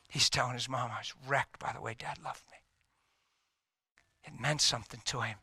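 Dramatic bright-voiced male preacher. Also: mid-range voice, animated, moderate pace, breathy edge, no room sound, studio quality. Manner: dramatic, swinging from loud to hushed whispers. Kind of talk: sermon storytelling.

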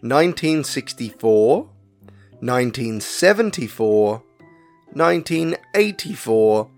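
Slow, lively-voiced male quizmaster. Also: mid-range voice, faint music behind. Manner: reads options slowly and deliberately, chatty asides. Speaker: podcast co-host and quizmaster. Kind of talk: casual podcast quiz, reading questions aloud.

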